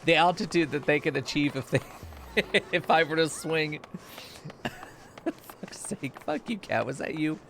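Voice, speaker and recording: A man's voice: fairly high pitch, unhurried, creaky, pauses often, a bit bright, a little hiss or hum. A man streaming a game, joking crudely and laughing often in casual commentary.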